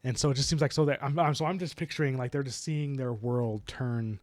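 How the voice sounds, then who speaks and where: A man's voice: mid-range voice, brisk, no room sound. A man co-hosting a book discussion podcast, casually retelling scenes and acting out the characters' lines. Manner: animated, retells scenes with quoted voices. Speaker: podcast co-host.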